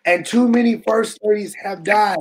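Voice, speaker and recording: A man giving an impassioned, preaching-style talk, colloquial and animated, often shouting for emphasis to his listeners. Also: high-pitched, moderate pace. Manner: colloquial, calls listeners "baby" and "y'all". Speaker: speaker addressing a church audience.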